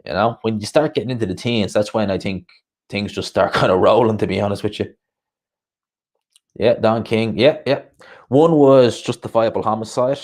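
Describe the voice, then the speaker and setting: A man's voice: on the low side, moderate pace, a little mellow. Chatty man hosting a boxing stream. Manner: rambling, chatty, laughs often. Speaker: host of a boxing livestream. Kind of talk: casual chat reading viewer comments.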